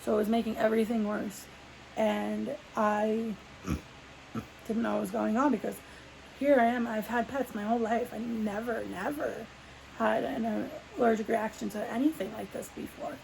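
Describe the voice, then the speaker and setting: A woman's voice: a little high, fairly even intonation, normal speed, gravelly, darkish tone, a little hiss or hum, rough recording. A young adult woman telling a personal story in a casual sit-down vlog, rambling with lots of "like" and restarts. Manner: rambling, full of "like" fillers and restarts. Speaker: vlogger.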